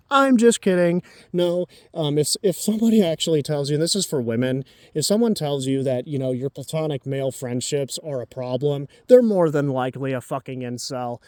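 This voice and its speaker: A man's voice: on the high side, normal speed, a little mellow, no room sound. A man in his twenties giving dating advice in a blunt, profane, ranting casual monologue. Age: 20s.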